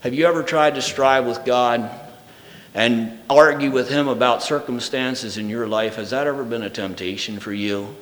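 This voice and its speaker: A man preaching a sermon. He reads scripture aloud, then shifts between loud, emphatic proclamation and soft, intimate speech. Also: medium pitch, moderate pace. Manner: reads scripture aloud in old-fashioned wording. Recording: reverberant hall.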